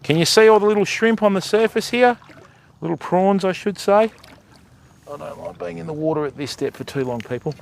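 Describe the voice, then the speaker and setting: A man's voice: high voice, brisk, vocal fry, a little hiss or hum. An older Australian man hosting a fishing livestream from a river at night, chatting casually to his viewers and calling them mate and bud. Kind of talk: casual live-stream commentary. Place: outdoors by a river at night, wading in the water.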